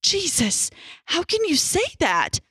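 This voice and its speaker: A woman's voice: medium pitch, lively intonation, slow, dry recording, studio quality. A woman voicing a tired, haggard middle-aged male doctor, speaking urgently, in a horror story reading. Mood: alarmed.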